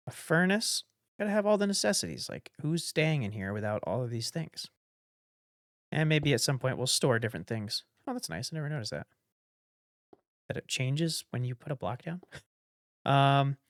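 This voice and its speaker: A man's voice: medium pitch, no echo. A man thinking aloud in casual commentary as he builds in a block-building game, rambling and trailing off between ideas. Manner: rambling, thinks aloud while building, hums doop sounds. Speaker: gameplay commentator.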